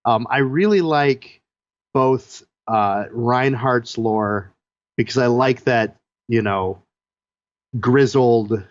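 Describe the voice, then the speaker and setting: A man's voice: mid-range voice, slow pace, no echo. A man guesting on a gaming podcast, easygoing and hesitant, laughing often. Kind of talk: casual gaming chat. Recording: dull lo-fi mic.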